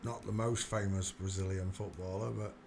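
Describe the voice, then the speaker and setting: A man's voice: deep voice, fairly even intonation, normal speed, gravelly, background noise. A man hosting a livestream, muttering to himself as he clicks through searches in casual commentary. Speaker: livestream host. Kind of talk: casual live-stream commentary.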